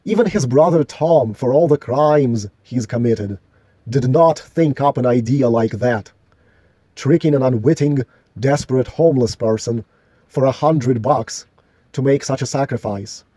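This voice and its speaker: A man's voice: mid-range voice, measured pace, dark tone, slightly rough, dry recording. A man delivering a solo vlog rant in an indignant, argumentative, profane way. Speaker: vlogger.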